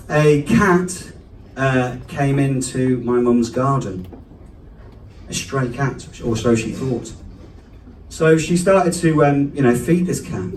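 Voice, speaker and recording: A man's voice: mid-range voice, slight background noise. A male stand-up comedian telling a rambling family story on a club stage, chatty and self-interrupting. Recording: echoey club room from a distance.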